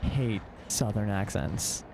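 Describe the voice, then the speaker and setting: A man's voice: on the low side, slow, creaky, noisy background. A man streaming live, talking through a game with wry, dry asides to his chat. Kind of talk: live gameplay commentary.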